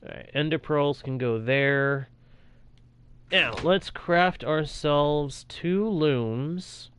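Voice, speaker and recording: A man's voice: on the high side, very slow, fairly bright tone, clean tone. A young man talking casually over his own gameplay as a streamer, reacting aloud to what happens on screen. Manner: chatty, reacts aloud while playing. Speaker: gaming streamer.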